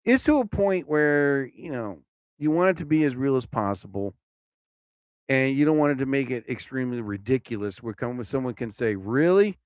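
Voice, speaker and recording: A man hosting his own live show, rambling casually and exclaiming loudly as he talks. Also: mid-range voice, lively intonation, moderate pace, dry recording, studio quality. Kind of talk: casual live-stream monologue.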